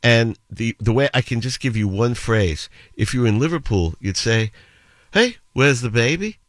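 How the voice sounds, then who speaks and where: A man with a fairly low voice hosts a morning radio show, chatting through listener notes and stories in an easy, rambling way. He likes to drop into quick playful accent imitations mid-story. The studio sound is close and dry. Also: no echo. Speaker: radio host. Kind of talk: casual radio chat and storytelling.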